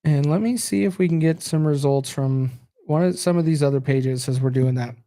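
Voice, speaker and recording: A man's voice: fairly high pitch, normal speed, mellow. An American man hosting a casual podcast stream, tired and rambling as he reacts to news and viewer comments. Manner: rambling, reacts aloud to results and chat. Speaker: podcast host.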